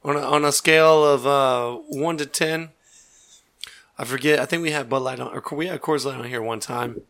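A man's voice: medium pitch, normal speed, a bit bright. A man hosting a podcast in casual banter, joking and teasing his friends. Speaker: podcast host.

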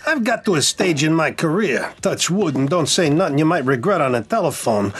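A man voicing a smooth-talking male mafioso panda from a biscuit ad. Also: fairly high pitch, expressive, brisk, soft background music, pitched above the performer's own voice. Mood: boastful. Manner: boastful, mobster swagger.

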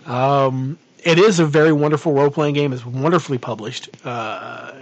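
A man's voice: medium pitch, steady tone, moderate pace, dry recording. A man co-hosting a casual podcast chat, rambling with many fillers and restarts as he plans a tabletop game. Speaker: podcast co-host and game master.

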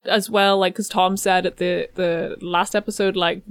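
A woman's voice: lowish voice, flat delivery, moderate pace, clean tone, no echo. A woman hosting a podcast who talks casually with many fillers and wraps up the show. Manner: chatty, lots of fillers. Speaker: podcast host. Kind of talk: casual chat.

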